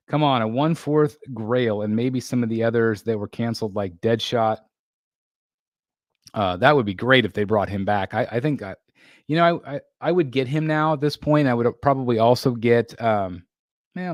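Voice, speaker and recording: A man with a mid-range voice hosts a casual live stream, chatting loosely with viewers and reading out their comments. He rambles, with lots of fillers and restarts. The recording is dry and studio quality.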